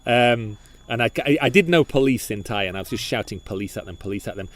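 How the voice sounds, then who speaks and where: A man co-hosting a podcast, telling a story in casual chat, animated and full of restarts and repeated words. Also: fairly low pitch, fast. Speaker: podcast co-host.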